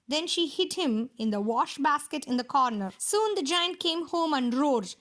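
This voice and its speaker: A woman reading a fairy tale aloud for children in a steady storytelling manner. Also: high-pitched, moderate pace, hardly any pauses.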